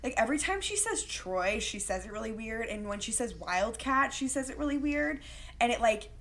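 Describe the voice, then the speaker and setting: A woman's voice: on the high side, normal speed. A young woman co-hosting a casual podcast, chatting animatedly about a movie and peppering her talk with "like.". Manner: chatty, animated, full of "like" fillers. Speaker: podcast co-host. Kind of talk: casual chat recapping a movie.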